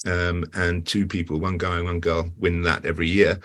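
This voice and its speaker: An older British man with a very low, deep voice talks through his story in a loose, rambling way. He restarts his sentences and fills gaps with ums, like a guest settling into a relaxed interview chat. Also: moderate pace. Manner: acts out quoted voices with big pitch jumps. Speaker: guest actor.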